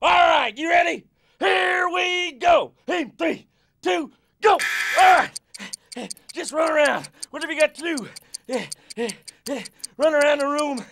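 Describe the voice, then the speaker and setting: A loud, pushy football coach in a scripted exercise video, jokey and coaxing. His voice sits very high for a man and has a gravelly, fry-edged grain. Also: normal speed. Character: upbeat male football fitness coach. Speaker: coach leading an exercise break.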